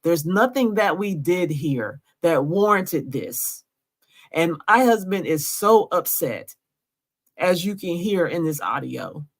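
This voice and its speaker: A woman's voice: fairly low pitch, lively intonation, slow pace. A woman giving emotional commentary over a recording, earnest and often asking "right?". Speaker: vlogger narrating a recording.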